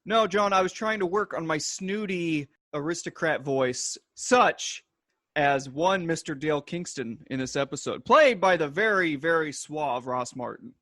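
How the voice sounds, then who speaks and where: A man's voice: a little high, measured pace, fairly bright tone, dry recording, studio quality. A man co-hosting a podcast, listing facts in an eager, chatty way. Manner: enthusiastic, list-like delivery. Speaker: podcast co-host. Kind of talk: casual chat.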